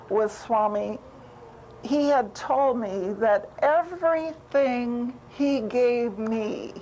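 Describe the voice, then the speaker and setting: A woman's voice: on the high side, darkish tone, slight background noise, low-quality recording. A woman telling a personal story at a spiritual retreat, heartfelt and repeating words for emphasis. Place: retreat gathering.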